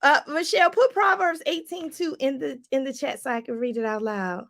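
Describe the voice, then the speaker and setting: A woman with a high, bright voice coaches her viewers in an animated, preachy way. She keeps addressing them as y'all. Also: brisk, creaky. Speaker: life coach. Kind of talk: motivational livestream talk.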